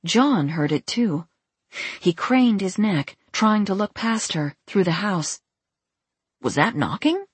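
Breathy woman narrating a story. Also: medium pitch, lively intonation, slow, dry recording. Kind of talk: scripted narration.

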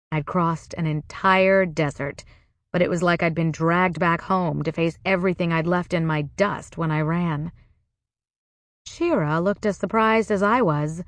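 A woman narrating a first-person novel in a measured, wry way. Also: lowish voice, dry recording. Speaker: audiobook narrator.

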